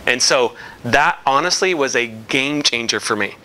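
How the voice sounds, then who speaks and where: A man with a bright, forward voice talks to past clients in a loose, chatty video message. He rambles, restarts his sentences and leans on fillers as he goes. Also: medium pitch, animated, moderate pace. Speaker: company president giving a client update.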